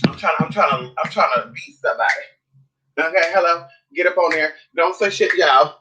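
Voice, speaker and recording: A woman's voice: deep voice, normal speed, background noise. A woman vlogging at home, chatting to her viewers in a sassy, profane way and calling them girl and honey. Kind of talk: casual chat to camera.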